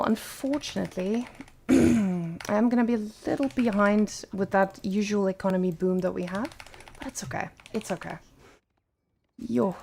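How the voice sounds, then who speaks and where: A woman giving live gameplay commentary as a streamer, animated and blunt, cursing freely. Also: mid-range voice. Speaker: streamer playing a strategy game.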